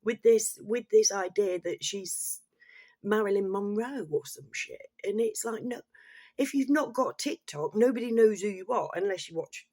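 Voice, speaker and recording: A middle-aged vlogger talks straight to camera in a blunt, sweary, rambling rant. The voice is husky and breathy, pitched in the middle. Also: normal speed, a little mellow, no room sound, studio quality. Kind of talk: casual opinion rant to camera.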